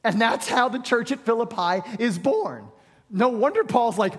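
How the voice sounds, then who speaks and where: A man preaching a sermon as pastor, retelling a story with dramatic swings from loud proclamations to hushed near-whispers. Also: very high-pitched, lively intonation, moderate pace, breathy edge. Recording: reverberant hall.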